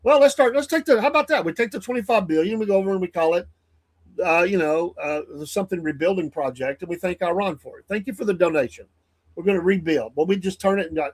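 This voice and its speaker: A man's voice: high voice, quick pace. A man hosting a morning show, giving blunt, heated solo commentary that rambles and restarts often. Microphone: studio mic.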